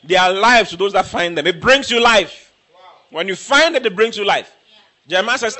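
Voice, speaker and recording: High, lively preacher. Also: male voice, normal speed. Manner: emphatic, repetitive, bursts into shouting. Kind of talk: sermon.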